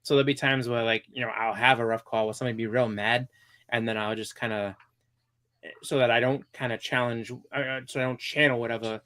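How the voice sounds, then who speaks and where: A man's voice: medium pitch, steady tone, fairly quick, sharp tone. A man hosting a live comics stream, chatting casually and rambling with many fillers and restarts. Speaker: comics show host.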